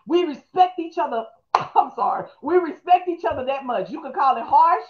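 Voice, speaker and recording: Fast-talking preaching woman, lo-fi audio. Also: high voice, animated. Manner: fast, call-and-response, preacherly. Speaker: pastor. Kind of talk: live-streamed motivational teaching.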